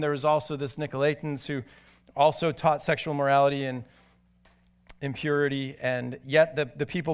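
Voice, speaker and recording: A man preaching a sermon, telling stories animatedly and moving from excited to hushed and grave. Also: a little high, clear, resonant tone. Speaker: pastor.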